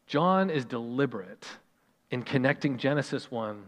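A man in his thirties, a pastor, preaching a sermon with animated delivery and slow, dramatic emphasis on scripture. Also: medium pitch. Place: church sanctuary. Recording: long hall reverb.

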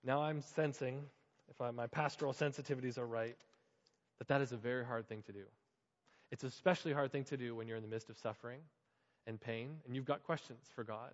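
A man's voice: medium pitch, fairly quick, big-room sound, dull audio. A man preaching a sermon as a pastor, impassioned and acting out the quoted voices.

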